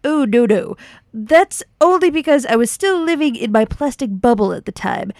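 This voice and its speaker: A woman's voice: sits high, lively intonation, normal speed, darkish tone, no echo, studio quality. A woman playing an anxious, sarcastic hypochondriac health reporter in a comedy radio sketch. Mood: fretful. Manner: fretful, sarcastic worrying.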